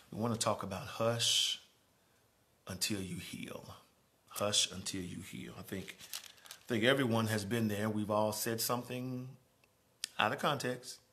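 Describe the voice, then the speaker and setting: A man preaching a sermon as pastor in a church, moving from quiet, conversational speaking to raised, emphatic preaching. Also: fairly low pitch. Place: church sanctuary.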